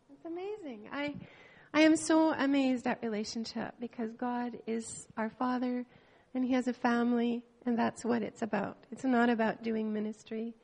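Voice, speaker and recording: Older Canadian woman, gravelly voice. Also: a little high, darkish tone. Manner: emotional, personal, pausing and restarting. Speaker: missionary speaking to a church. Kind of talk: heartfelt church testimony.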